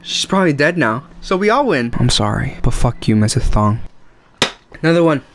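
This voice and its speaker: A man's voice: big pitch swings, a little fast, noisy background. A young man telling funny school stories to the camera in a casual, self-mocking way. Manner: joking, self-mocking, with sudden high yelps. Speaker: vlogger.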